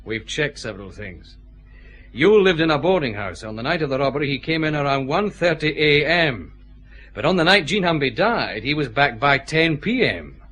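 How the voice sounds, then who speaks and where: An actor with a Scottish accent playing a methodical, confident detective chief inspector pressing suspects in a radio drama. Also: male voice, on the high side, animated, normal speed, fairly bright tone.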